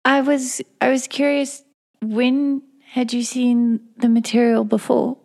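Girl doing a curious young adventurer, polite questions, bit high. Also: flat delivery, takes it slowly, gravelly, darkish tone, heavily acted.

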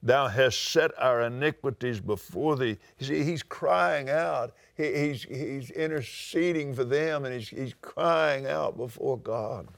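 Older man, Southern US accent, preacher, slow unhurried delivery, dry close sound. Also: vocal fry, dry recording. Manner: preaching with dramatic pitch swings and scripture reading. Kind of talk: sermon.

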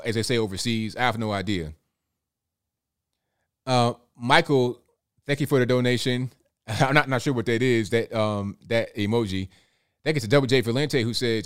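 This is casual live-stream chat from a man hosting and reading viewers' super chats aloud. He's loose and talkative, frequently repeats words, and chuckles a lot, with a medium-pitched, clean voice.

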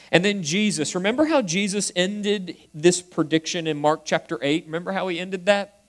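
Man preaching a sermon, hushed refrains. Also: fairly high pitch, animated, normal speed. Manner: swings from emphatic to hushed, soft quoted refrains. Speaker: pastor.

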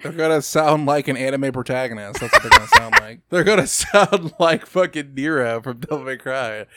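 A man hosting a casual gaming news chat, profane and quick to laugh, often trailing into mumbled asides. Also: medium pitch, very noisy. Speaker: podcast host.

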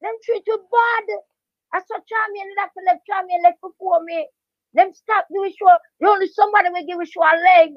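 An older Jamaican woman, a veteran dancehall DJ, telling her story in a lively patois interview with emphatic repetition. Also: very high voice, brisk, no echo. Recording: dry, dull lo-fi sound.

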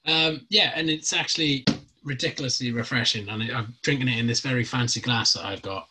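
A man's voice: medium pitch, fairly quick, background noise. A man co-hosting a casual podcast over a video call, rambling and laughing at himself. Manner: laughing, rambling, self-mocking. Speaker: podcast co-host. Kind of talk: casual chat.

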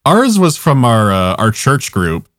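A man's voice: medium pitch, wildly swooping pitch, a little slow, a bit bright, no room sound, studio quality. A young man casually telling a long, rambling story on a podcast, swearing often and laughing at his own jokes.

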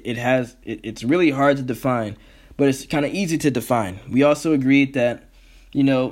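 A man's voice: medium pitch, darkish tone. Heated, profane man ranting solo. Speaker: podcast host. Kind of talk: solo podcast rant.

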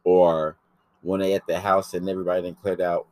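Very deep-voiced man, brash and profane. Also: fairly quick, no room sound. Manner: brash, profane, animated storytelling. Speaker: podcast host. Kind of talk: casual chat.

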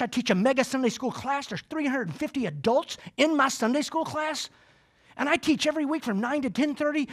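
A middle-aged man from Florida with a Southern US accent gives a humorous motivational speech to a live audience, telling folksy, animated stories. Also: very high voice. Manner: folksy, animated storytelling with jokes. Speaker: keynote speaker. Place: conference room before a live audience.

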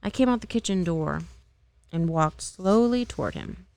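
A woman reads a novel aloud in an amateur, unpolished way, now and then tripping and re-reading. Her voice is low and gravelly, with a dry, close sound. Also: animated, moderate pace, darkish tone, dry recording. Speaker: amateur reader.

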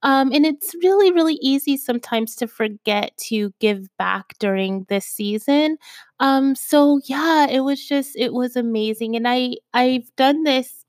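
A young woman hosting her own podcast in casual chat, her voice raspy from a cold, talking with lots of fillers and repeated asides to her listeners. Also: sits high, unhurried, a little mellow, no room sound, clean studio sound. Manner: chatty, lots of fillers, keeps saying "you guys". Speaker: podcast host.

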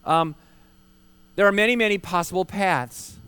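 A man's voice: high-pitched, moderate pace, bright, forceful tone, smooth, no room sound. A man, a pastor preaching a sermon at an outdoor park service, earnest and emphatic, asking rhetorical questions and repeating key words.

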